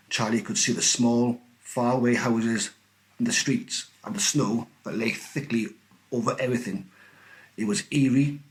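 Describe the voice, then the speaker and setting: A male teacher reading a children's storybook aloud in an expressive, animated way. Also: medium pitch.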